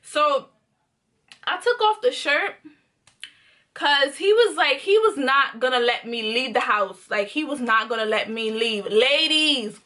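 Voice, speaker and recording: Young woman vlogging a storytime, high bright voice, real chatty and slangy. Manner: animated, quotes people in lively voices; slangy and conversational. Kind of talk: casual storytime.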